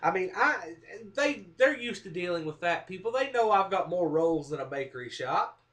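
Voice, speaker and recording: A man's voice: sits high, normal speed. A man telling a comic personal story to the camera, self-mocking and acting out what people said. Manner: animated, self-mocking, acts out quotes. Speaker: vlogger. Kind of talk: casual storytelling monologue.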